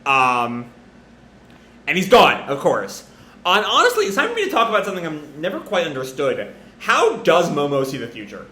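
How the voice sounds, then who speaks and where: A man's voice: a little high, huge pitch swings, normal speed, sharp tone. A man giving casual, rambling commentary while reading a comic aloud live. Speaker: manga reaction host. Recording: roomy echo.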